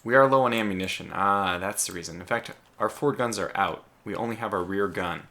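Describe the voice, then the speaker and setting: Here the let's play host speaks fairly quickly, his voice lowish and sharp. He muses through the game with halting restarts and sudden exclamations, keyboard clicks audible in the background.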